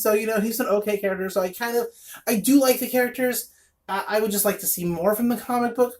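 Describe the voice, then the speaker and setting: A woman's voice: on the high side, a little hiss or hum. A woman reviewing a comic in casual chat, blunt and sarcastic, with lots of fillers and asides.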